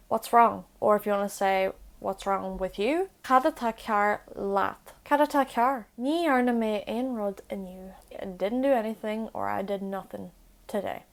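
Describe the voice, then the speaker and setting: Young woman, language-video host, casual and self-mocking, mid-range voice. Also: mid-range voice. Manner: chatty, self-deprecating asides.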